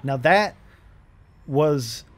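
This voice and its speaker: A man's voice: fairly high pitch, expressive, drawn-out words. An American man hosting a gaming channel, giving rambling, frustrated commentary over gameplay with lots of swearing and restarts. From United States.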